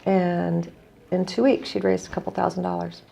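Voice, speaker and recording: A woman's voice: fairly low pitch, little pitch movement, moderate pace, vocal fry, mellow. A middle-aged woman from the United States, an earnest guest telling a story in conversation and quoting others as she goes. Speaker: guest, non-profit executive director.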